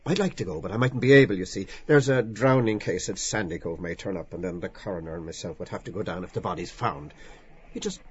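An actor playing a chatty middle-aged man who talks fast and a bit pushily. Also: sits low, slightly rough. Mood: eager chat. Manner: quick, eager, slightly pushy small talk. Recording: dull lo-fi radio drama recording.

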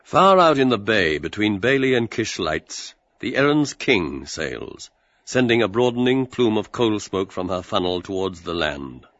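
A man narrating the stage directions of a radio play in a measured, precise reading. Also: fairly low pitch, very animated, fairly bright tone, dry recording, muffled recording.

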